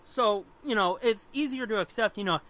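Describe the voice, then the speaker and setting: A man co-hosting a comic-book podcast in casual chat, excitable and profane. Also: high-pitched, normal speed, no room sound. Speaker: podcast co-host.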